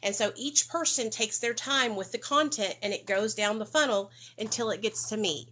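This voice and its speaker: Bright-voiced woman chatting live. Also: on the high side, normal speed. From Arkansas, USA. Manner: chatty, talks straight to viewers with frequent "okay?". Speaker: recovery livestream host. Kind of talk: casual livestream chat. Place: home room with children nearby.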